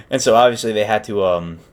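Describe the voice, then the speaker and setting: A man's voice: fairly low pitch, fairly bright tone, a little hiss or hum. Rambling young man retelling a story. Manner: rambling, self-correcting, lots of fillers. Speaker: podcast host.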